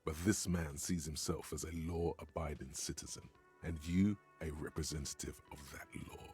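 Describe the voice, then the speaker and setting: A man voicing a wry, measured narrator inside a video game. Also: a bass voice, steady tone, darkish tone, faint music behind. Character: wry male narrator inner voice.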